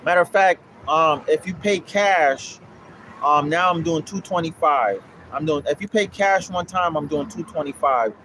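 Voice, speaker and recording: A man's voice: on the high side, normal speed, fairly bright tone, slight background noise. A young man who runs a land investing course, talking casually and bluntly on a livestream, swearing and repeating himself as he preaches. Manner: blunt, profane, repetitive preaching. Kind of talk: casual livestream talk answering viewers.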